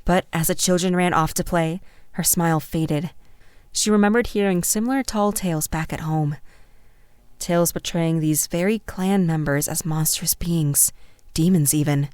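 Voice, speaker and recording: Low-voiced woman narrating a fantasy audiobook. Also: normal speed, darkish tone, smooth, no room sound, clean studio sound.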